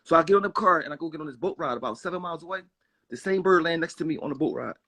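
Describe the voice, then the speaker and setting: A man's voice: fairly high pitch, very fast, sharp tone. A man in his forties from Philadelphia, telling personal stories in a rambling, emphatic way, full of restarts and "you know what I mean.". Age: 40s. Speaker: guest rapper. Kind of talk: candid personal storytelling.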